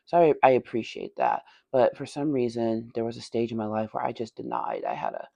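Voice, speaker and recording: Her voice rumbles low yet swoops wildly in pitch, dark-toned and full of vocal fry, moving fairly quickly. She's a talkative Southerner from Tennessee narrating her miniature painting for a hobby vlog, with frequent laughter and whispered asides to herself, and there's no echo.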